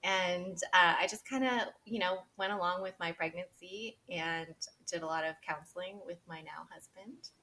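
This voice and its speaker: A woman's voice: fairly low pitch, moderate pace, hardly any pauses, pushed and bright, a little hiss or hum. A woman in her thirties, a podcast interview guest, telling her personal story candidly and with feeling, laughing often and quoting what she and others said.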